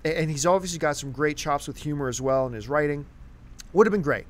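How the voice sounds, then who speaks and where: A man hosting a casual movie chat show, steering the discussion and talking with animated energy. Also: on the high side, quick pace. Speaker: host.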